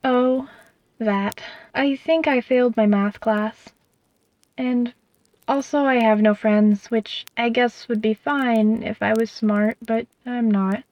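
A woman voicing a small, timid, lonely mouse who speaks in a soft, squeaky, self-doubting way, in a dull, dry recording. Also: fairly even intonation, slow pace, dry recording.

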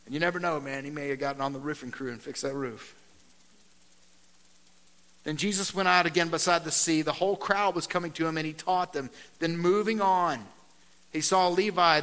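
A man preaching a conversational sermon. He keeps saying "man" and "right?", drops to a quiet, earnest tone, then turns loud and animated when he reads scripture. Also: on the high side, big-room sound. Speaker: pastor.

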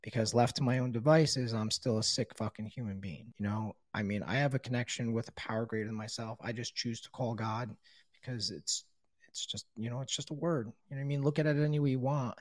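A man's voice: mid-range voice, steady tone, brisk, no echo. A middle-aged man candidly telling his own recovery story, blunt and swearing freely, with lots of casual fillers.

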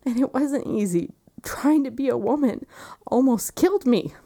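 A woman in her thirties, earnest and reflective, telling a personal story in conversation and often dropping quiet. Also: high-pitched, expressive, normal speed. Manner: earnest and reflective, quiet moments with soft laughs.

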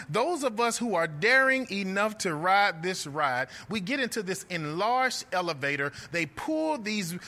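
A young man preaching a sermon, telling a story with animated delivery and calling his listeners friends. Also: sits high.

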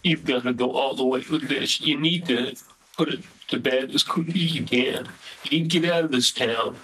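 A man's voice: mid-range voice, normal speed, pushed and bright, slight background noise, rough recording. A man, a father, urging his son in a repetitive, pleading way. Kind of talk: pleading conversation.

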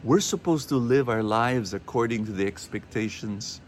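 Brief: Filipino man, radio preacher, mid-pitched voice, faint room noise behind, animated storyteller. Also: normal speed. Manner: animated storyteller, quotes others in shifting voices. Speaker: radio show host and preacher. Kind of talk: inspirational sermon talk.

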